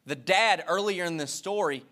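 A man with a high, bright voice preaches with fervor, driving his points home through repetition. He speaks straight to his congregation as their pastor. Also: moderate pace. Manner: impassioned preaching with emphatic repetition; talks directly to the congregation. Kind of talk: sermon.

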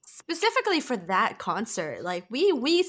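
A woman's voice: fairly high pitch, wildly swooping pitch, normal speed, fairly bright tone. A young woman co-hosting a podcast, recounting a concert in casual chat. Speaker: podcast co-host.

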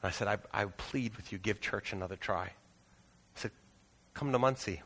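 A pastor preaching a sermon in a church auditorium, earnest and pleading, moving into prayer. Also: male voice, on the low side, normal speed, a bit bright, breathy edge, long reverb tail.

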